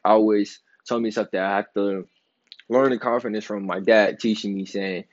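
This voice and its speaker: A man's voice: lowish voice, steady tone, moderate pace, no room sound. Rambling young man, dull podcast audio. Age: 20s. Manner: loose, rambling, slangy and emphatic, with swearing and laughs. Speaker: podcast host. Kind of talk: casual solo podcast monologue.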